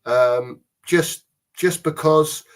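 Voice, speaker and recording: A man with a Cockney accent co-hosting a casual pub chat show, blunt and quick to laugh. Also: a little high, clean tone. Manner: laughs often, blunt and chatty. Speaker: podcast co-host.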